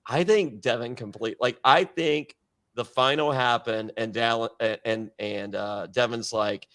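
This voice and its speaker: A man's voice: mid-range voice, fairly even intonation, measured pace, fairly bright tone. A man hosting a casual recap podcast, swearing freely and mimicking the people he talks about. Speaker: podcast host.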